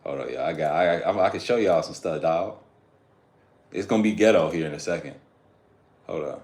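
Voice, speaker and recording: A man's voice: deep voice, normal speed, long pauses, darkish tone. A man chatting loosely on a live stream, slangy, profane and rambling. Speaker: fitness streamer. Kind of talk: casual live-stream chat.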